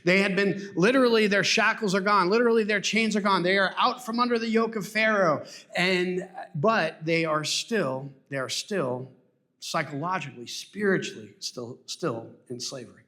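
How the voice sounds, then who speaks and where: Guy preaching a sunday sermon, earnest, kinda high-ish voice, keeps asking rhetorical questions. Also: normal speed, pushed and bright. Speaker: pastor. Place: church sanctuary.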